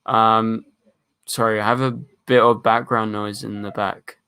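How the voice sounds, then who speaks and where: A man's voice: on the low side, level tone, measured pace, sharp tone, clear, resonant tone. A young man hosting a casual livestream, reading chat questions aloud and rambling through his answers with plenty of fillers. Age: young adult. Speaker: livestream host.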